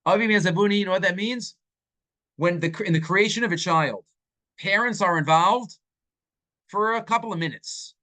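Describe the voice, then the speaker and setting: A man's voice: a little fast, pauses often. A man teaching a Torah class as a rabbi. He speaks animatedly and sprinkles Hebrew and Yiddish terms into his English. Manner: animated, acts out quoted speakers with swings in pitch.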